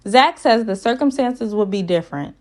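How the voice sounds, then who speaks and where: A woman's voice: a little high, animated, moderate pace. A woman hosting a casual TV recap vlog, blunt, opinionated and chatty. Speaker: reality TV recap host.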